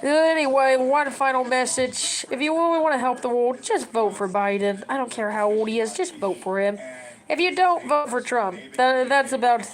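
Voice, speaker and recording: A woman's voice: high-pitched, normal speed, low-quality recording. A woman in her thirties chats to her camera in a loose, rambling way. She hands out advice to her viewers, trips over her words and starts over, and sounds close to tears. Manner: chatty, advice-giving, rambling with restarts. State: tearful. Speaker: vlogger. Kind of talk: casual rambling talk to camera.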